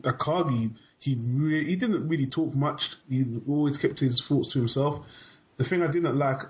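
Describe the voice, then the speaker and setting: A man hosting a casual review chat, leading the topics in a relaxed way. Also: on the high side, moderate pace. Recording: dull lo-fi audio.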